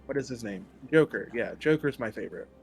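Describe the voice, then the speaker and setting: A man's voice: mid-range voice, expressive, a little fast, gravelly, a little mellow. Man streamer, laid-back casual chat, dry sarcasm, faint music underneath.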